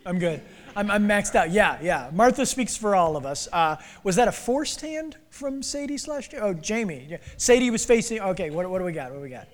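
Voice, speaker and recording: A man in his forties with a high voice delivers a playful sermon, teasing listeners and calling them out by name. His voice rings in a long church reverb. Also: big pitch swings, brisk, hardly any pauses. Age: 40s. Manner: playful, calls on the congregation by name. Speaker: pastor. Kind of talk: interactive sermon. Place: church sanctuary. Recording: reverberant hall.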